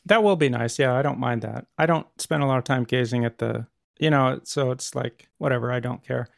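A middle-aged man co-hosting a podcast in casual chat, blunt and animated, swearing offhand. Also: medium pitch, fairly quick, gravelly, no room sound, clean studio sound. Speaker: podcast co-host.

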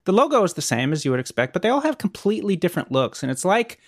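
A middle-aged man co-hosting a podcast in casual chat, blunt and animated, swearing offhand. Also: sits high, fast talker, no room sound, studio quality. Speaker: podcast co-host.

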